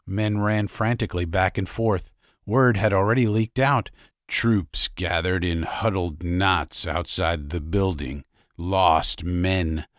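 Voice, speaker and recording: Low-voiced male audiobook narrator. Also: no room sound, clean studio sound. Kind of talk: scripted narration. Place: recording studio.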